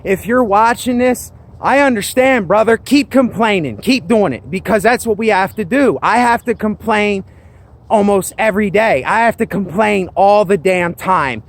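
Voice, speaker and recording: A man's voice: sits high, normal speed. A man talking earnestly and emphatically in a personal vlog, circling back to his points. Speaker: vlogger.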